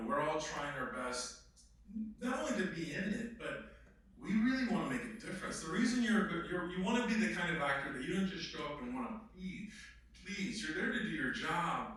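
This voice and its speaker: A man's voice: fairly high pitch, pushed and bright. A man, an actor, telling stories in an emphatic, blunt way with some swearing, as a guest at a filmmaker workshop. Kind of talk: animated storytelling in conversation. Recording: very echoey room, distant mic.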